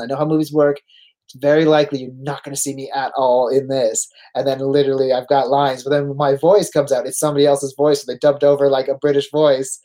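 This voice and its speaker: A man's voice: medium pitch, a little mellow. A man in his forties with a Canadian accent, a veteran pro wrestler telling casual stories as a guest, acting out quoted lines and laughing easily. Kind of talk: casual storytelling chat.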